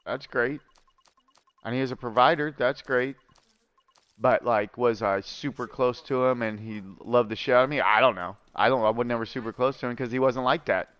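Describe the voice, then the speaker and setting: A man's voice: mid-range voice, fast, hardly any pauses, a bit bright, clean tone, no room sound. A man streaming a video game, rambling casually and chatting with his viewers, with many fillers and asides. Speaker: gaming streamer. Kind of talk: casual storytelling while gaming.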